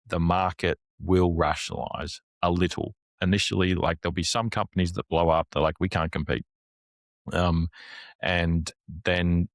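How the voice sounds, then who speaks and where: A man's voice: low voice, dry recording, studio quality. A man who is a guest on a business chat, laying out his points analytically in long lists that build up.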